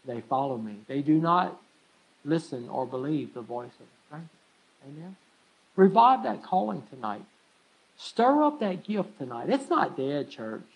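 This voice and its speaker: A man pastor preaching a sermon in a church, emphatic and stirring, calling out "amen" to the congregation again and again, swinging from soft, low lines to loud, raised ones. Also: very animated, a little slow, slightly rough, muffled recording. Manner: emphatic preaching with frequent call-outs of "amen"; pitch and loudness rise and fall widely between lines.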